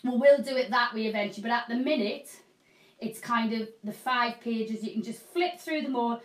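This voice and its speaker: Hosting a live shopping channel, a middle-aged woman with a voice on the high side rambles and chats casually with viewers at a moderate pace. She's self-deprecating and in the middle of a hot flush.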